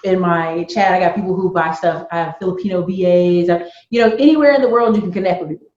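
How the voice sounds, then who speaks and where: Woman, interview guest, lively storyteller, quotes people in voices, echoey slightly dull sound. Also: on the low side, quick pace. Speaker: guest, YouTuber and entrepreneur. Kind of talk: casual interview chat.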